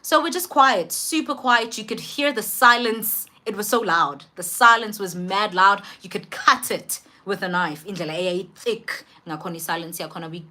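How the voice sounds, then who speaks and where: A young woman with a South African accent recounts a hard personal story straight to camera. Her voice is bright and forceful, and her delivery is expressive and emphatic. She leans on repeated phrases to drive her points home. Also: medium pitch, normal speed, hardly any pauses. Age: young adult. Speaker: vlogger.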